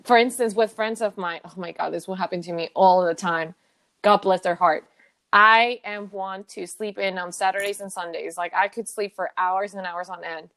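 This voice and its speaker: A woman's voice: medium pitch, steady tone, moderate pace, fairly bright tone. A woman co-hosting a podcast in casual chat, blunt, swearing freely and laughing often. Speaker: podcast co-host.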